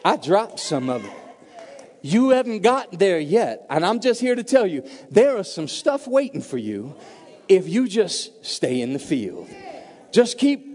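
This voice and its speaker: High-voiced man preaching in a big hall. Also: sing-song, measured pace. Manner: swings from hushed to loud and emphatic. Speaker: pastor. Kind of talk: sermon. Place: church sanctuary. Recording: long reverb of a large hall.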